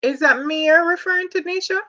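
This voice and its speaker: A woman's voice: extremely high pitch, fairly quick, pushed and bright. A woman with a Jamaican accent hosting a casual livestream, reading viewer comments aloud and slipping into patois. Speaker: livestream host. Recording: dull lo-fi livestream audio.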